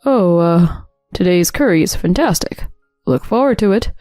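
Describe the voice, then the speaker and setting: A woman's voice: fairly low pitch, expressive, normal speed, warm tone, no echo, soft background music, lightly acted. Woman voicing a stammering guilty husband. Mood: nervous. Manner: stammering, defensive. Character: nervous, scheming husband, man.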